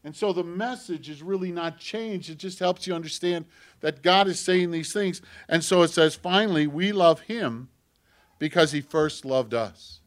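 Preaching with earnest, story-driven warmth, this male pastor swings from forceful declarations down to soft near-whispers. His pitch is fairly high.

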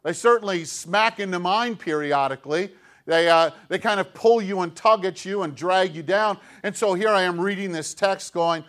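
A man's voice: high voice, normal speed, a bit bright. A middle-aged man preaching a sermon as pastor, in a conversational, self-deprecating way full of rhetorical questions.

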